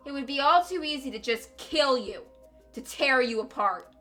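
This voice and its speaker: A woman's voice: sits high, expressive, normal speed, bright, forceful tone, faint music behind. A woman voicing a vengeful male ex-convict from a game, taunting and sneering with mock sweetness that turns to snarling threats. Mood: menacing. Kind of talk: reading a game aloud with voices.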